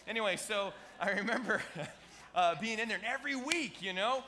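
Middle-aged male pastor, slightly high bright voice, playful animated sermon delivery in a church. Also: moderate pace, a little hiss or hum. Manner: animated, playful, jokey preaching with audience asides. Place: church sanctuary.

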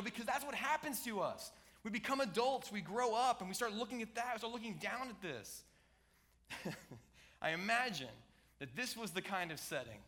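A man's voice: high-pitched, sharp tone. A middle-aged man preaching a playful, jokey sermon in a church, talking to the congregation with asides. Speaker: pastor. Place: church sanctuary.

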